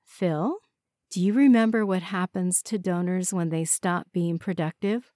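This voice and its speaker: A woman's voice: on the low side, measured pace, mellow, no room sound, studio quality, lightly acted. A woman voicing Georgia, an earnest young woman who talks in an urgent, pleading way. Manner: pleading, insistent.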